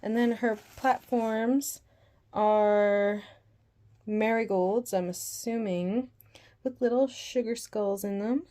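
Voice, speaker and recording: A young woman from northern Canada, talking earnestly and carefully through a doll unboxing, with soft whispered asides. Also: medium pitch, steady tone, takes it slowly. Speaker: doll collector and vlogger.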